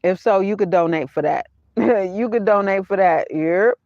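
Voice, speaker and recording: Speaking at a normal pace in a medium pitch, this vanlife vlogger chats straight to her livestream audience from inside her van. She tends to repeat phrases and laughs often, and the dry recording sounds dull and lo-fi.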